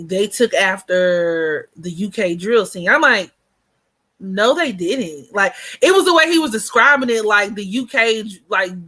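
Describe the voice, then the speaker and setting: A woman in her twenties chatting casually to her viewers and telling stories in an animated way, heavy on fillers. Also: medium pitch. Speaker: vlogger. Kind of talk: casual storytime chat.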